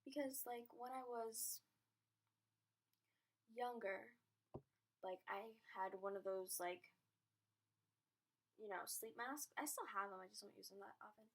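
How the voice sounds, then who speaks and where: A woman's voice: mid-range voice, measured pace, gravelly, pauses often, slight background noise. A teenage girl telling a rambling, giggly story to camera, full of "like" and little asides. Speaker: vlogger. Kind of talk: casual storytime chat.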